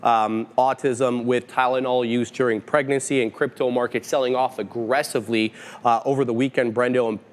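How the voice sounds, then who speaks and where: A man with a mid-range voice running down the day's headlines on a live market show. His delivery is brisk, with wry asides and frequent "uh" fillers. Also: mid-range voice, flat delivery. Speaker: stock market show host.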